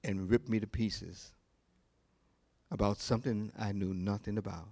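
A male pastor preaching a sermon, telling a story in a slow, deliberate way with pauses. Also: lowish voice, steady tone, a little mellow.

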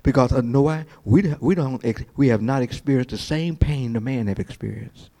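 A man preaching a sermon as pastor, jumping from slow, hushed quoted lines to high, lively preaching and often repeating his words. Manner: repeats words and restarts phrases.

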